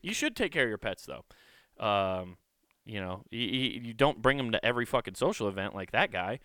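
A man's voice: fairly low pitch, sing-song, a little fast, pushed and bright, dry recording, studio quality. A man doing a rambling, sarcastic comedic rant as a commentator, swearing freely.

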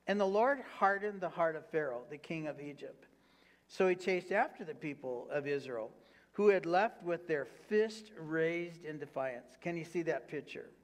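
Male pastor, high voice, fervent preaching with call-and-response. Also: moderate pace. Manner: reads scripture aloud, then applies it with fervent repetition. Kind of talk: sermon.

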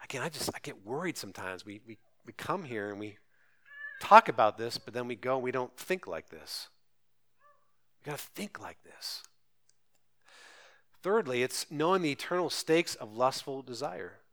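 A man's voice: medium pitch, bright, forceful tone. A man pastor preaching a sermon, earnest and urgent, pressing listeners with rhetorical questions.

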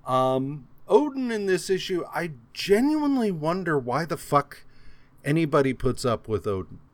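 A man's voice: a little high, big pitch swings, normal speed, no room sound. A man co-hosting a comic book podcast, reading credits and recapping plots in a dry, exasperated, profane way. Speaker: podcast co-host. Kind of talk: casual comic book discussion, reads issue credits and recaps.

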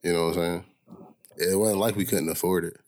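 A man's voice: sits low, steady tone, a little fast, darkish tone. A young man co-hosting a podcast, talking in a laid-back, casual way, laughing often and repeating phrases. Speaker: podcast co-host. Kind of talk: casual chat. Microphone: studio podcast mic.

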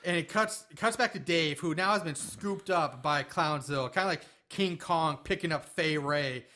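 Male podcast host, bright and a bit high, rambling profane recapper. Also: moderate pace. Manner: rambling, profane, jokey storytelling. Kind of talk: casual movie recap chat.

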